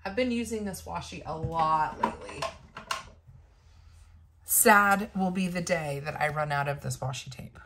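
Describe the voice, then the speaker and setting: Woman vlogger, unhurried and gravelly, talks viewers through her crafting as she thinks aloud. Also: low-pitched, fairly bright tone, slight background noise, poor audio. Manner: chatty, thinks aloud, addresses viewers directly. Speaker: planner and sticker vlogger. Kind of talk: casual crafting tutorial.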